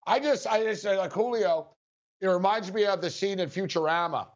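Guy hosting a sports betting show, rambles and laughs, kinda high voice, muffled lo-fi audio. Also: normal speed. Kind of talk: casual sports talk. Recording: dull lo-fi sound.

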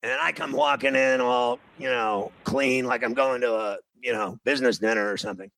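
Gravelly, bright-voiced New man. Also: medium pitch, fairly even intonation, normal speed, rough recording. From New York City. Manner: acts out quoted dialogue in his telling. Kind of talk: casual anecdote.

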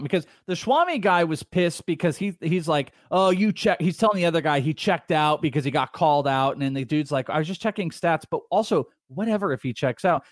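A man co-hosting a sports talk show in a studio, his voice sitting a little high for a man. He rambles through stories with plenty of restarts. The sound is close and dry, with no room echo. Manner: rambling, animated storytelling with restarts. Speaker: podcast co-host. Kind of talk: casual sports radio chat. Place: radio studio.

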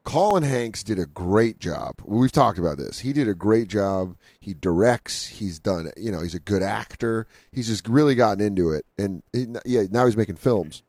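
A man's voice: lowish voice, lively intonation, darkish tone, no echo. A man co-hosting a comedy podcast, riffing casually with lots of swearing on a handheld studio mic. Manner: profane, riffing, quick impressions.

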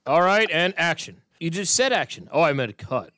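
A man hosting a sports talk show, telling stories in animated, jokey banter and laughing often. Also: on the high side, normal speed, no room sound, studio quality. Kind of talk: casual banter and storytelling.

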